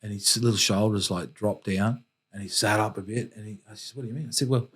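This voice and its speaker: Aussie guy telling his story on a podcast, kinda low voice, earnest, lots of restarts. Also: fairly even intonation, fairly bright tone, slightly rough. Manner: earnest, reflective, with halting restarts. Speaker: podcast guest. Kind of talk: candid storytelling in conversation.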